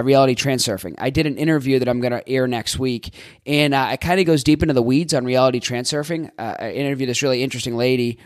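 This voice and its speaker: A man talks straight into a close mic in a rambling, joking podcast monologue, tossing in casual swears and restarting his sentences. His voice sits at an ordinary middle pitch, and the recording is dry with no room sound around it. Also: dry recording. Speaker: podcast host and life coach.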